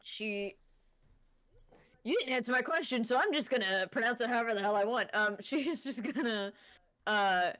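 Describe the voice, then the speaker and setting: A woman playing in a tabletop role-playing game, chatty and quick to joke. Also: fairly high pitch, a bit bright, dry recording. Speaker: player. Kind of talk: tabletop role-play chat.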